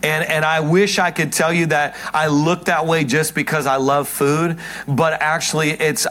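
A man's voice: mid-range voice, a bit bright. A male pastor preaching a sermon from a church stage. He is jokey and self-mocking one moment and earnest and pleading the next. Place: church stage before a congregation.

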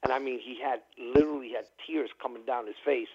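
A man's voice: medium pitch, a little fast, husky. Man rambling over a tinny phone line. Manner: rambling, chatty, full of "you know" fillers. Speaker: caller. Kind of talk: casual storytelling on a radio talk show.

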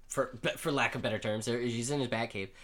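A man's voice: medium pitch, fairly even intonation, fairly quick, a bit bright, a little hiss or hum. A man co-hosting a casual podcast, rambling and joking as he recaps a story, swearing freely. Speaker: podcast co-host. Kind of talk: casual comic chat.

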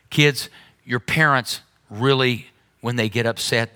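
A middle-aged man preaching a sermon as pastor, animated, with sudden high-pitched mocking asides. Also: moderate pace, smooth.

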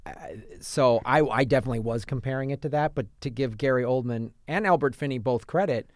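A medium-pitched, fairly quick man co-hosts a podcast, chatting casually about films. He tells rambling stories with many restarts, recorded in studio quality with no echo.

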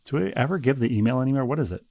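A man co-hosting a casual podcast, reading listener mail aloud and teasing his co-host in a wry, halting way. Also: mid-range voice, animated, a little mellow, no room sound.

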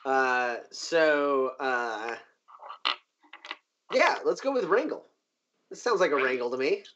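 Animated game master, muffled lo-fi sound. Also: male voice, takes it slowly, a little hiss or hum. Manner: animated, jumps into high cheering crowd voices. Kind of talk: narrating a tabletop game.

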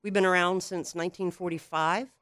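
Smooth, dry-sounding woman guest on radio. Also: fairly low pitch, steady tone, brisk, fairly bright tone, dry recording. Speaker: guest, sausage company sales consultant. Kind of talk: radio talk show guest chat. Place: radio studio.

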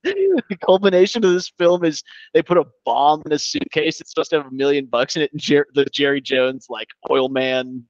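A man's voice: on the high side, brisk, hardly any pauses, no room sound, muffled recording. A man co-hosting a casual sports podcast, telling stories with energy, swearing freely and calling people dude. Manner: animated storyteller, swears freely, says "dude". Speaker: podcast co-host.

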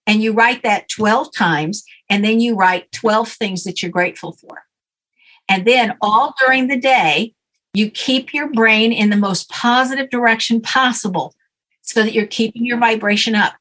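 A woman's voice: a little high, normal speed, a bit bright, poor audio. Woman guest, instructive and sure of herself, conversational. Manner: instructive, confident, explains step by step. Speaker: guest coach. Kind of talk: casual interview.

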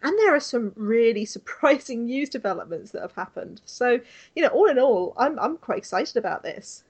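Casting note: woman podcast co-host, bubbly, giggly, teasing, a touch high. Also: animated, normal speed, darkish tone, slightly rough. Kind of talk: casual chat.

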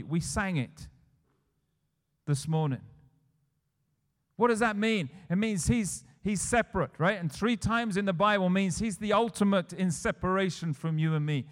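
A man preaching a sermon, retelling scripture scenes and building to emphatic declarations. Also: high-pitched. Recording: long church hall reverb.

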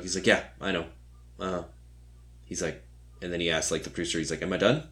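A podcast co-host chats casually as he retells a show, rambling with plenty of fillers and dropping into playful quoted voices. His voice is deep and fairly bright, delivered flatly and fast.

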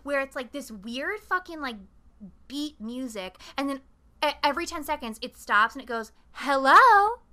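Young woman co-host, casual film chat, bright clear voice, rambling, animated, swears a lot. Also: high voice, normal speed. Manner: rambling, animated, profane, acts out quotes. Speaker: podcast co-host.

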